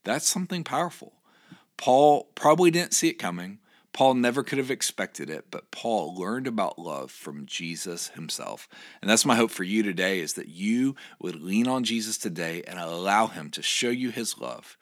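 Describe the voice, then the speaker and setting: A man's voice: fairly low pitch, expressive, moderate pace. A male pastor giving a short, earnest devotional sermon, reading scripture aloud and encouraging his listeners.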